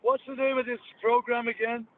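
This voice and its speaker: A man's voice: extremely high pitch, little pitch movement, brisk. A man hosting a live podcast while driving, talking in brash showman patter over a phone call. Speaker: radio podcast host on a call. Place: driving in a car. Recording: tinny phone line, road noise.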